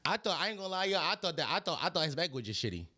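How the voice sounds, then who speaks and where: A man from Philadelphia with a Philly accent, co-hosting a podcast in loud, teasing casual chat. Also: on the high side, very animated, racing. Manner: loud, teasing, playful trash talk. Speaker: podcast co-host.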